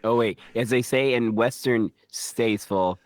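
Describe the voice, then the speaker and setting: A man co-hosting a podcast, tossing out sassy, teasing quips in easy banter. His voice sits at an ordinary middle pitch and is recorded close and dry. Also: normal speed, no room sound. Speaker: podcast co-host. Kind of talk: casual chat.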